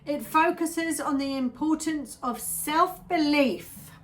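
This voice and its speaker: A woman's voice: high voice, takes it slowly, background noise. A woman giving a casual tarot reading to her viewers, chatty and rambling, often drifting into little asides. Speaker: tarot reader.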